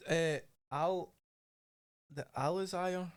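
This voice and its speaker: A man's voice: high-pitched, drawn-out words, clear, resonant tone, dry recording, studio quality. A man with a Scottish accent hosting a podcast, reading listener questions in an easygoing, laughing way. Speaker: podcast host. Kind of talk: casual podcast chat. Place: podcast studio.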